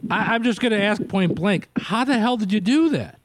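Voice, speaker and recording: A man's voice: high voice, lively intonation, normal speed. A man hosting a radio interview in a casual, chatty way. He laughs often and restarts his sentences. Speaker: radio show host.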